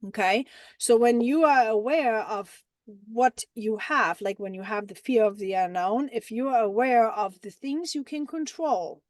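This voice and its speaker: A woman with a German accent leading a mentorship group call, talking in a casual, animated coaching style full of "like" and "right?". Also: a little high, dry recording. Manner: animated and chatty, many fillers like "like" and "right?".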